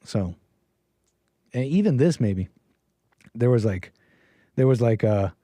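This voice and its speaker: A man's voice: mid-range voice, expressive, slow, dark tone, no room sound, clean studio sound. A man hosting a call-in livestream, talking to his chat in a meandering, casual way, full of fillers and trailing thoughts. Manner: meandering, full of fillers and restarts, laughs often. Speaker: livestream call-in show host. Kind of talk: casual rambling monologue to chat.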